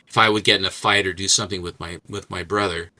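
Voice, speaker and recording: A man's voice: low-pitched, fairly even intonation, fast talker, pushed and bright. An older man hosting a casual chat, rambling through stories and jokes as he shows comics. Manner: rambling storyteller, chatty and joking. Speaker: host.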